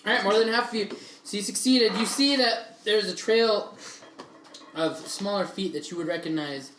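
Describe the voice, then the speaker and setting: A high-pitched man narrates as game master, brisk and quick to laugh. His voice rings in an echoey room. A faint hiss runs underneath. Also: a bit bright.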